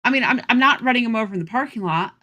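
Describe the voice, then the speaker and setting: Woman co-host, high and bright, animated storyteller, casual chat. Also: racing. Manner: animated, acts out quoted reactions.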